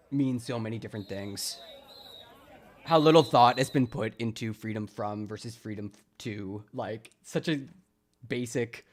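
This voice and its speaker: Laughing, sarcastic male streamer. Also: fairly low pitch. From Wisconsin, US. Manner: jokey, sarcastic, laughs often, chats with viewers. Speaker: livestreamer. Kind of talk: casual livestream commentary.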